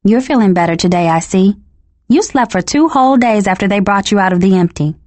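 A woman's voice: mid-range voice, expressive, a little fast, a little mellow, no room sound, lightly acted. A woman voicing an innocent, enthusiastic teenage girl in a storybook reading, speaking earnestly. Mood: curious.

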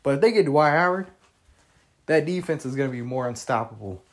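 A man's voice: mid-range voice, lively intonation, fairly quick. A young man hosting a casual solo podcast, rambling and opinionated, with many fillers, restarts and some cursing. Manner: opinionated, with frequent mild cursing. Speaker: podcast host.

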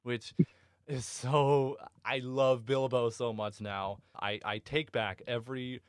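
A man hosting a casual book podcast, animated and swearing freely, often breaking into laughter. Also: medium pitch, slow, clean tone, no echo, studio quality. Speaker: podcast host.

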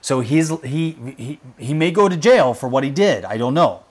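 A man hosting a livestream, talking with fervent emphasis and sinking to a hushed intensity on his gravest points. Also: mid-range voice, expressive, moderate pace, husky. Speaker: livestream host. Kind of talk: impassioned livestream commentary.

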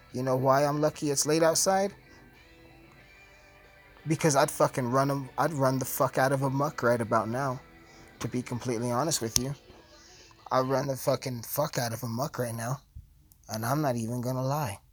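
A man's voice: mid-range voice, steady tone, normal speed, soft background music. A man hosting his podcast, ranting in a heated, profane, casual way. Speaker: podcast host.

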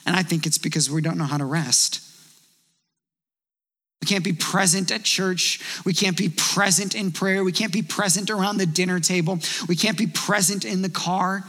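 A man preaching a sermon in a conversational, animated way, telling stories and quoting voices as he goes. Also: high-pitched, moderate pace, long reverb tail. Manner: conversational, animated storytelling with acted quotes. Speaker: pastor.

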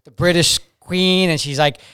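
A man hosting a podcast, asking questions with quick reactions and joking asides. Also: high voice, steady tone, a bit bright, clear, resonant tone, dry recording, studio quality. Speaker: podcast host. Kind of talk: casual interview chat.

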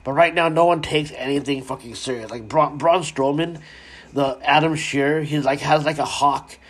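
A man's voice: a little high, moderate pace. A man hosting a casual commentary stream, ranting in a rambling way with lots of swearing, fillers and restarts.

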